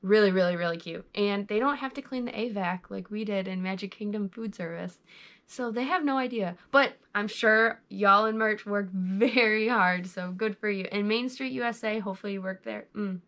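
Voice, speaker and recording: A woman's voice: mid-range voice, normal speed, a bit bright. A young woman giving chatty, bubbly interview tips to her viewers, recorded on a GoPro camera. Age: young adult. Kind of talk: casual tips vlog.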